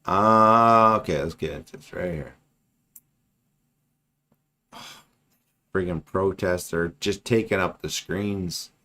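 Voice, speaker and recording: A man's voice: deep voice, slow, long pauses, sharp tone. A man in his forties, hosting a livestream and ranting bluntly and sarcastically with lots of swearing, his voice a bit strained. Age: 40s. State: losing his voice. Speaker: livestream host. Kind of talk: casual ranting commentary.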